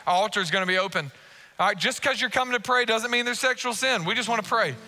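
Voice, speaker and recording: A male pastor delivers an impassioned sermon in a high, ringing voice with a strikingly bright tone. He drives his points home by repeating them. He acts out the prayers and inner thoughts of his listeners. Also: quick pace. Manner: impassioned, emphatic preaching with repeated phrases.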